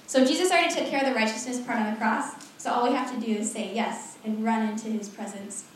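A woman's voice: fairly high pitch, quick pace, far from the mic, slight background noise. Young woman preaching in an echoey hall. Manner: animated, laughing often, chatty asides. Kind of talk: casual sermon.

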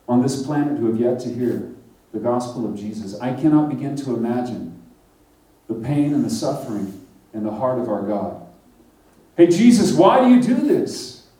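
A man's voice: mid-range voice, warm tone. A man preaching a sermon in a conversational way, asking his listeners questions and acting out short quotes. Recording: roomy echo, voice from a distance.

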